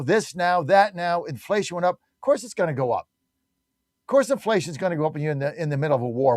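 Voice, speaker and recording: A man's voice: high-pitched, no room sound, studio quality. A man hosting a talk radio show, delivering an emphatic, combative opinion monologue full of rhetorical questions.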